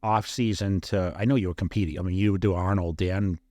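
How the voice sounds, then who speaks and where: A man hosting a podcast, asking long rambling questions in an animated way. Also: low voice, fairly quick, dry recording. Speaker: podcast host. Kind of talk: casual interview chat. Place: studio, podcast.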